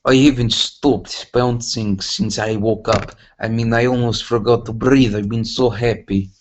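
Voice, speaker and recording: A man's voice: medium pitch, fairly even intonation, a little slow, a little hiss or hum, natural voice. A man voicing a hyper, bubbly young female pony, with an accent slipping into Irish. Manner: bouncy, gushing.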